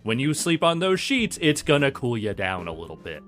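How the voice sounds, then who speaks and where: Podcast co-host, man, mid-pitched, quick with a joke. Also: sing-song, a bit bright, soft background music. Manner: wisecracking. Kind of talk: casual podcast chat.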